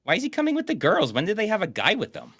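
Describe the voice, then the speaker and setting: Sarcastic, animated male movie riffer. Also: high voice, very fast, no echo. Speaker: co-host reviewing a bad movie. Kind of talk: casual comedic commentary.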